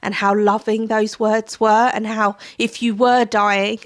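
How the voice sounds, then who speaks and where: A woman's voice: mid-range voice, level tone, unhurried. A woman chatting about books in a monthly wrap-up, heartfelt and rambling with plenty of fillers. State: tearful at times. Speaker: book vlogger. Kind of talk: casual monthly reading wrap-up.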